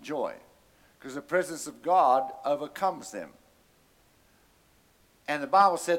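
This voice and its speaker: A man's voice: on the high side, takes it slowly, long pauses. Storytelling male preacher. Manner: animated storyteller, calls out to congregation. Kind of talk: sermon storytelling.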